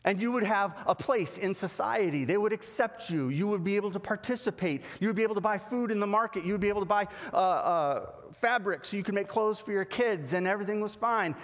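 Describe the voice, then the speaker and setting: A man preaching a sermon as pastor, animated and acting out the voices he quotes. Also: high voice, a little fast, few pauses, big-room sound. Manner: animated, acts out quoted dialogue.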